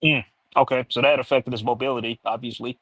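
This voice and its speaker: A man's voice: mid-range voice, steady tone, fast, fairly bright tone, dry recording. An American man co-hosting a casual chat, easygoing, agreeing and musing aloud. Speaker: co-host.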